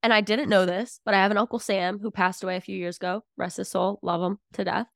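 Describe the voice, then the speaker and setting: A woman's voice: medium pitch, flat delivery, fast, vocal fry, dry recording, clean studio sound. A woman in her twenties, a podcast guest telling a personal story in a chatty, filler-heavy way. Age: 20s. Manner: chatty, filler-heavy, acts out family dialogue. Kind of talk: casual storytelling.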